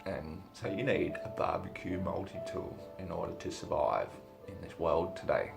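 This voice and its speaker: An Australian man giving a crude, rambling comic monologue to camera, swearing freely with deadpan humor. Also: low voice, moderate pace, creaky, music in the background. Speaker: vlogger.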